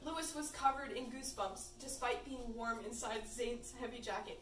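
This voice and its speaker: A young woman reads fan fiction aloud in an amused, informal way, with a fairly high voice. She sits some way from the mic in an echoey room. Faint noise hums underneath. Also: moderate pace, fairly bright tone, far from the mic. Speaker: reader. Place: room at a birthday party.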